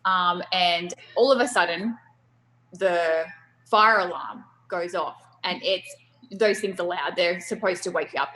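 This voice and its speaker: A young woman, telling a lively, laughing anecdote over a video call. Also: on the low side, poor audio. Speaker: storyteller guest on a video call.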